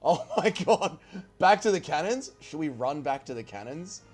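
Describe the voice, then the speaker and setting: Male game streamer, high voice, loud swearing play-by-play, faint music under. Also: moderate pace, slightly rough. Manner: excitable, swearing, shouting orders and cheers. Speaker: gaming streamer. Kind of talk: live strategy-game commentary.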